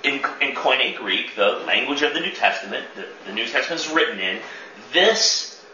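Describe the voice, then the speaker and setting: A man's voice: medium pitch, expressive, normal speed, pushed and bright, a little hiss or hum. A man leading a church teaching session, talking conversationally, quizzing the room and repeating words as he thinks. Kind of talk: interactive teaching talk. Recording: echoey dull room sound from far off.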